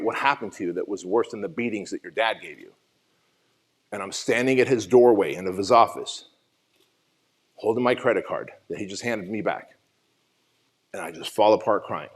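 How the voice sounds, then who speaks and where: A man in his forties from Armenia giving an emotional, profane motivational talk at a summit, telling his own story. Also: on the low side. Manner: raw, emotional storytelling with frequent swearing. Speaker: summit speaker. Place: conference stage.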